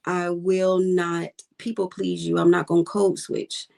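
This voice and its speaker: A woman's voice: on the low side, flat delivery, measured pace, vocal fry, darkish tone. Blunt, emphatic woman fisherwoman guest. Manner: blunt, emphatic, repeats her points. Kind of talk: casual interview talk.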